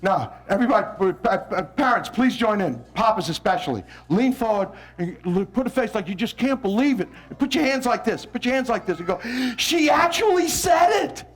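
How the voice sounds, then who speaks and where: A man from New Orleans, a visiting poet, coaching children and parents to recite with expression, coaxing them along and breaking into shouted lines. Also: sits high, expressive, a little fast, hardly any pauses. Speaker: visiting poet leading a school workshop. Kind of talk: lively workshop with children and parents.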